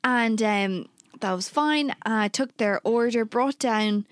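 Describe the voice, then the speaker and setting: A young woman co-hosting a podcast, telling stories in lively casual chat and swearing freely. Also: fairly high pitch, takes it slowly, clean tone, no echo, clean studio sound. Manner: animated storytelling, swears freely. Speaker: podcast co-host.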